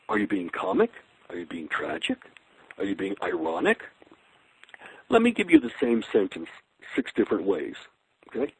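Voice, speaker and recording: Lively gravelly man lecturing. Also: mid-range voice, low-quality recording. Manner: animated, rhetorical questions, many fillers and restarts. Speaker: guest speaker on leadership. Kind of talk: webinar lecture with questions.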